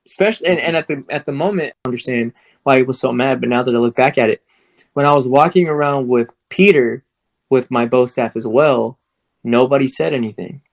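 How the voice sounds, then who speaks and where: A man's voice: medium pitch, brisk, vocal fry. Earnest young man telling a story. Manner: earnest storytelling, quoting people in acted voices. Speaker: podcast co-host. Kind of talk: casual podcast chat.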